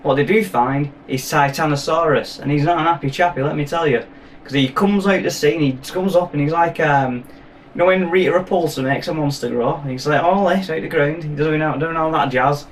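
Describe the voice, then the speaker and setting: A man chatting through a film review in a rambling, playful way. His voice sits a little high for a man. It sounds like he's a bit away from the microphone, with a faint hiss of background noise. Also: brisk, recorded from a distance. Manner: rambling, jokey, playful asides. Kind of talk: casual film review chat.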